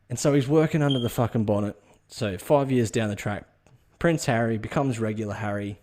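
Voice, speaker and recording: A man's voice: mid-range voice, normal speed, darkish tone. A man hosting a podcast, rambling and swearing through a comic monologue. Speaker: podcast host.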